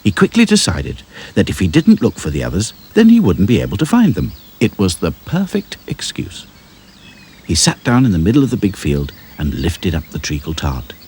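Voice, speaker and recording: A man narrating a children's storybook in a lively, sing-song way. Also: sits low, moderate pace, husky. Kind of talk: storybook reading.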